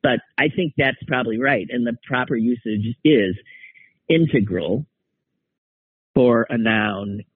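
A man hosts a casual solo podcast monologue, rambling and wry, often trailing off and starting over. His medium-pitched voice is husky with no echo, and the recording has a tinny, dry, phone-like sound.

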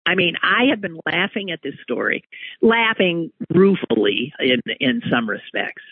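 A man's voice: a little high, big pitch swings, a little slow, husky, no echo. A man hosting a talk show, giving a wry, emphatic opinion monologue with sudden rises on key words. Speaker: radio talk host. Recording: tinny phone-like radio audio.

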